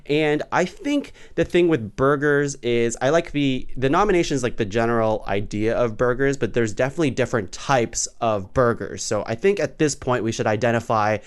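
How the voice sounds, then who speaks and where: A man hosting a relaxed podcast chat, his voice smooth and clean at a middle pitch. He talks in animated bursts, laughing often and stumbling over his words as he goes. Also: normal speed, few pauses. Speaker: podcast host. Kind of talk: casual panel chat.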